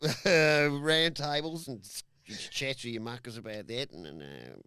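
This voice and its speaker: A man's voice: medium pitch, lively intonation, measured pace, sharp tone, clean tone, dry recording, studio quality. A man on a podcast doing a put-on Australian accent as a brash, jokey bloke who keeps saying "bloody". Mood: mock-casual. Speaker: podcast co-host. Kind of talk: mock Australian host intro.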